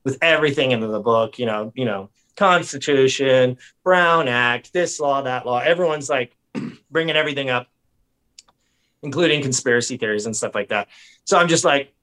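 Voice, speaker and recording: A man on a podcast, rambling and animated, swearing and mimicking people as he tells stories. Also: medium pitch, normal speed. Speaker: podcast guest. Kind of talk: casual chat. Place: lives in San Diego.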